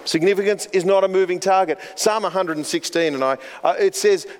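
A man preaching a sermon in an earnest, storytelling way, his voice sitting a little high for a man. He often doubles back on words mid-thought. The sound rings out with a long hall reverb. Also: fairly quick. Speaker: pastor.

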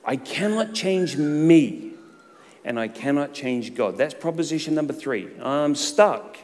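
A middle-aged man preaching a sermon as a pastor, emphatic, rising to loud outbursts and dropping to hushed low lines. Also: animated, a little slow. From Australia. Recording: long reverb of a hall.

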